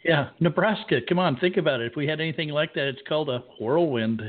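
High-voiced joking man co-host. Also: quick pace, background noise. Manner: joking, wry asides. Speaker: podcast co-host. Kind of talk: casual chat. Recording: tinny phone-like audio.

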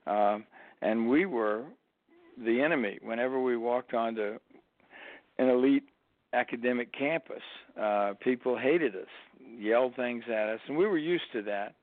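Older man, interview guest, lively storyteller, dry tinny phone line. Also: mid-range voice, measured pace, no echo. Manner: animated storyteller who acts out quotes. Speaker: interview guest, retired college tennis coach.

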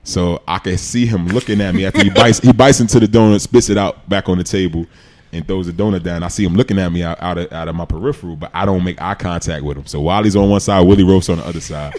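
A man, telling stories as a guest in a casual interview, animated and laughing often. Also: low-pitched, fast. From New York City. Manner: animated storyteller, laughs often, acts out quotes. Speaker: podcast guest, former football player.

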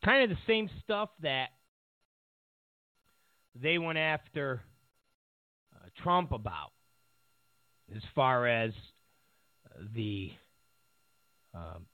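A man's voice: medium pitch, animated, extremely slow, pauses often, dry recording. A male talk show host giving sarcastic political commentary, rambling with lots of fillers. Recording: tinny phone-like line.

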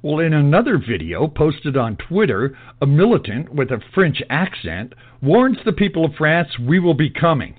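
Male commentator, slightly high voice, preachy and insistent, lo-fi phone-like sound. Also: big pitch swings, moderate pace, few pauses. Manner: emphatic, repetitive, preachy. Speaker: political commentator. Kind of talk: lecturing monologue. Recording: tinny phone-like audio.

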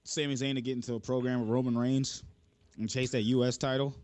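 A man talks wrestling in a loose, profane, animated way, full of jokes. His voice sits at a middling pitch. The sound is dry and close. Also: fast talker, no echo. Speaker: wrestling podcast panelist. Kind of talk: casual chat.

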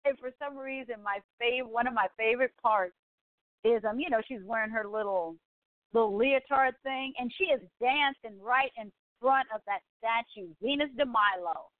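A gushing woman in her forties chats casually as a show host, piling on exclamations. Her voice sits fairly high. It comes through a tinny, phone-like line with a dry, close sound. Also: moderate pace, dry recording. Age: 40s. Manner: excitable and gushing, frequent exclamations. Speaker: podcast host. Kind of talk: casual chat.

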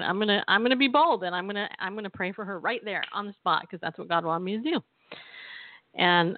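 A woman radio co-host with a medium-pitched voice shares a personal story and encourages listeners, chatty, laughing often and acting out quotes. The recording is dry with a tinny phone-line sound, and the talk is testimony and exhortation.

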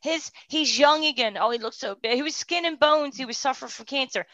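A woman tells her story in a heartfelt personal testimony. Her voice drops to a hush, then lifts into quick, animated bursts. The sound is dry and a little muffled, as on a lo-fi recording. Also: high-pitched, no room sound. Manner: heartfelt, swings from hushed to animated. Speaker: guest sharing a personal story.

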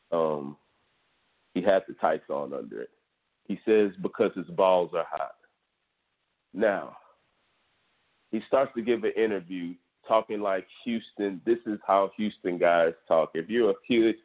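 A Texan man hosting a podcast, telling a sports story in a loose, profane, casual monologue. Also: deep voice. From Texas, US. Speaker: podcast host. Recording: tinny phone-like audio.

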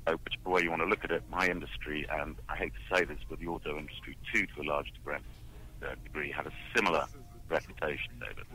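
A British man speaking as a sales director on a podcast from his office over a video call, lively and confident. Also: very deep voice, fast, low-quality recording. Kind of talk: interview answers.

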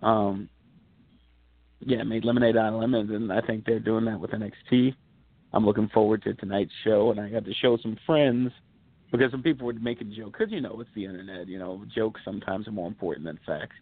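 A man co-hosting a casual wrestling podcast, rambling through animated stories with plenty of fillers. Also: fairly low pitch, brisk. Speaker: podcast co-host. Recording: tinny phone-like line.

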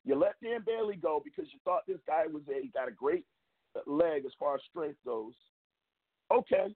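A young man hosting his own sports show, venting in a fired-up, repetitive way with big jumps in pitch. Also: animated, moderate pace, creaky. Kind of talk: fan rant and commentary. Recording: tinny phone-like audio.

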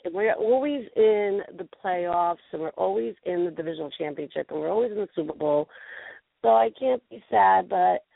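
A woman hosting a casual internet radio talk show, sniffly with a cold, from New England, talking in an animated, rambling way. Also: on the low side, normal speed, creaky, dry recording. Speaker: show host. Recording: tinny phone-line audio.

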